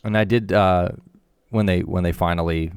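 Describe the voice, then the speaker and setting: A man's voice: sits low, steady tone, normal speed, clear, resonant tone, no echo, studio quality. Wry rambling man on a podcast. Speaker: podcast co-host. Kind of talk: casual chat.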